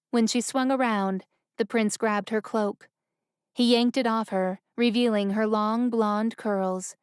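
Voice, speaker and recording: A woman voicing a young male prince who shouts orders in a trembling voice, caught between grief and rage. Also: medium pitch, clear, resonant tone, dry recording, clean studio sound, close to an everyday voice.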